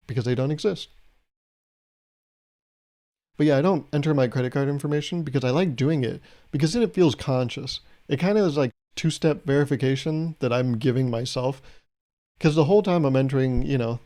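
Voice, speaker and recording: A man's voice: medium pitch, moderate pace, vocal fry, warm tone. A young man hosting a solo podcast, talking in a loose, rambling, jokey way and chuckling at his own bits. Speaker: podcast host.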